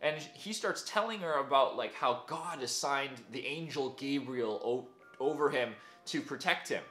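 A man's voice: mid-range voice, expressive, moderate pace, sharp tone. A young man telling a story in a casual, self-deprecating way, with many fillers. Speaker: vlogger. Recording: echoey room with faint music.

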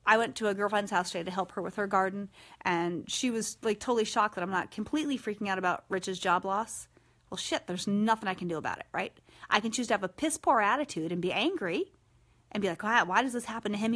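A woman in her forties hosting a casual live-stream chat, talking frankly and swearing freely with lively energy. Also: medium pitch. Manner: frank and profane, animated. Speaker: host.

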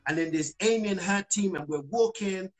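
A British male singer, a guest in a casual live-stream interview, tells stories animatedly, full of fillers, restarts and acted-out quotes. His voice sits high and moves fairly quickly, with soft background music on a low-quality recording.

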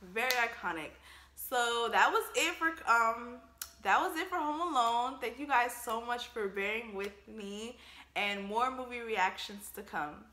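Casual woman reaction host, high animated voice, bright and punchy, slangy and laughing, echoey room. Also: measured pace. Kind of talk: casual movie reaction commentary.

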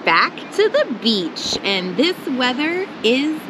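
A woman's voice: high voice, sing-song, slow, noisy background. A woman in her thirties, a mother chatting to the camera in a casual family travel vlog about the day's plans. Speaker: vlogger, mother. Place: beach camping by a bus.

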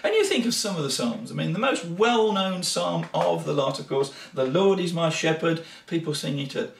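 A man's voice: a little high, very animated, normal speed, creaky, fairly bright tone, slight background noise. A man giving an earnest, explanatory teaching talk on worship music. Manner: earnest, explanatory, breaks into sung examples. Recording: echoey room from a distant mic, faint guitar.

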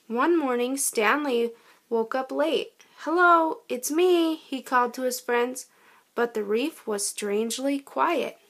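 A woman reading a children's storybook aloud in a gentle, expressive way. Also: fairly high pitch, takes it slowly. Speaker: storybook narrator.

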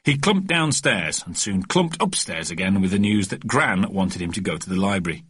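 A man narrating a children's storybook audiobook with a lively, expressive reading. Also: deep voice, normal speed, breathy edge, dry recording, clean studio sound.

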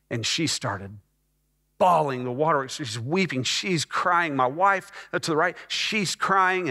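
A middle-aged pastor from Texas preaching a sermon as a personal testimony, emotional and rising to fervent peaks. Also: male voice, fairly high pitch, sharp tone. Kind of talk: sermon storytelling. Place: church sanctuary. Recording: church hall reverb.

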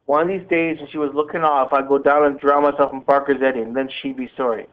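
A man's voice: medium pitch, steady tone, fast talker. Man reading aloud, tinny phone-like audio. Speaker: teacher.

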